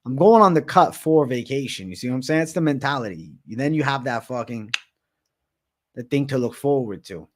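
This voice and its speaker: A young livestream host from Massachusetts reads his viewers' comments out loud while chatting loosely and cursing all the time. He has a mid-range voice, brisk, with lively intonation.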